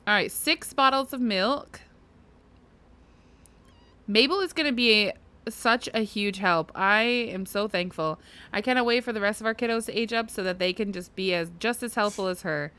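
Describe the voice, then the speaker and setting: A woman's voice: medium pitch, moderate pace, pushed and bright, clean tone. Chatty, giggly woman narrating her gameplay. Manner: chatty, giggly, talks to her game characters. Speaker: gaming video host. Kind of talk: casual let's-play commentary.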